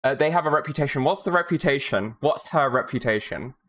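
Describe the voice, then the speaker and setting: A streamer from Minnesota giving casual, rambling commentary while playing a game, swearing often and tossing in quick asides. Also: medium pitch, animated, fairly bright tone.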